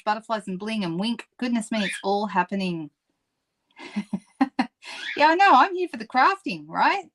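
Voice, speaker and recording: A woman's voice: mid-range voice, fairly bright tone, slight background noise. An Australian woman hosting a live papercraft demonstration, chatting casually with viewers, answering their comments and laughing often. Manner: laughs often and apologizes playfully.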